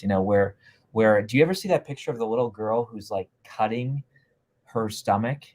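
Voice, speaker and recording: A man hosting a live stream interview, talking with energetic, salesy push and repeating himself. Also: on the low side, moderate pace. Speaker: host.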